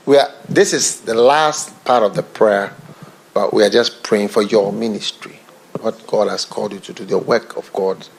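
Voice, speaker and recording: Gravelly-voiced man preaching a sermon. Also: a little hiss or hum. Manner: swings from low murmurs and whispers to raised, excited preaching. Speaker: bishop and preacher.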